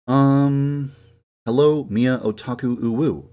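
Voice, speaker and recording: A man's voice: mid-range voice, slow pace, dark tone, lo-fi sound. A young man streaming from his computer, chatting casually and then switching into a formal, lecturing tone, sometimes grumbling in frustration. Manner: shifts into a formal, lecturing delivery. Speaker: game developer streaming. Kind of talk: casual livestream chat.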